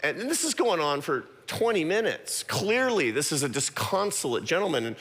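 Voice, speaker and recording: A middle-aged man giving a talk to an audience, telling a personal story with quick self-deprecating asides. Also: on the high side, big pitch swings, fairly bright tone. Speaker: guest speaker. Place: large church auditorium. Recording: long hall reverb.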